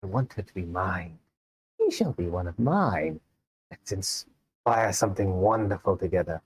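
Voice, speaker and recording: A man with an Indian accent voicing a seductive, coaxing shadowy dragon spirit in a tabletop game, speaking slowly, low and hushed. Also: animated, slightly rough, heavily acted.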